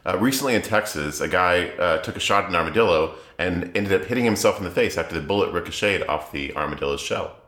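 A man co-hosting a podcast, joking and animated in casual chat, with an echo around him. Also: low voice, fast talker, hardly any pauses. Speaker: podcast co-host. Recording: roomy echo.

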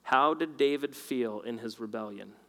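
A man preaching a sermon and telling a personal story, swinging between loud and hushed delivery. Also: medium pitch, normal speed. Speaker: pastor. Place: large hall with long reverb. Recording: reverberant hall recording.

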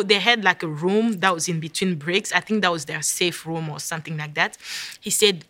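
Bright-voiced African woman telling a story. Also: on the low side, normal speed, no echo. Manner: vivid, dramatic retelling with hushed whispered asides. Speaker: guest. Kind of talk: storytelling in a conversation.

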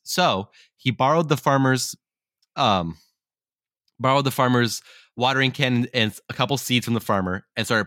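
Brief: storytelling podcast co-host, bright and crisp, dry close sound. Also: male voice, mid-range voice, no echo. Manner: rambling, self-correcting. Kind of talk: casual storytelling.

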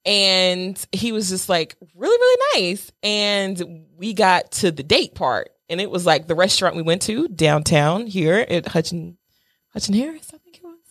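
A woman's voice: on the low side, big pitch swings, moderate pace, no room sound. A young adult woman co-hosting a podcast, telling a story in a playful, casual way and acting out what others said. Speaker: podcast co-host.

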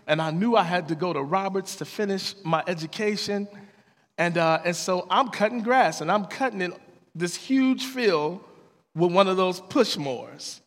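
A man with a fairly high voice delivers an earnest sermon, telling stories in a lively, plain-spoken way. His voice rings through a large hall and trails off in a long reverb. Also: unhurried. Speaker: preacher. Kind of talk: sermon with personal storytelling.

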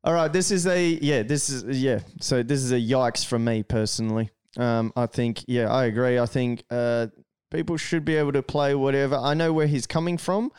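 A man with a smooth, clear voice hosts a relaxed podcast conversation. He talks loosely and informally, leaning on "like" and dropping casual swears. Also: mid-range voice, moderate pace, no echo, studio quality.

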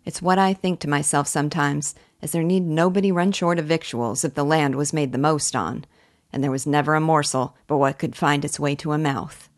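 A woman's voice: sits low, fairly even intonation, brisk, lightly acted. Woman voicing an eager young gardener. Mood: earnest. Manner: earnest, rustic talk.

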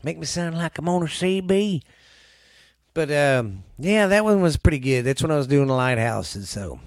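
A man's voice: a little high, expressive, moderate pace, dry recording, studio quality. A man chatting casually and easily as a podcast host.

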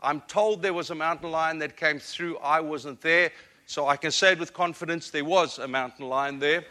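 A man's voice: a little high, fairly even intonation, moderate pace, sharp tone. A man in his forties with an African accent, preaching a sermon as a guest speaker and telling a story with earnest, self-deprecating humor. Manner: earnest, self-deprecating, repeats words when building up.

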